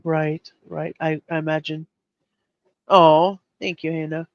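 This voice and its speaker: A man hosts a live true crime chat in a slightly high voice. He is earnest and openly upset, tripping over his words as he goes. The sound is dull and dry. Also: level tone, slow, vocal fry, dry recording. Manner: earnest, emotionally shaken, stumbling over words. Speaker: host.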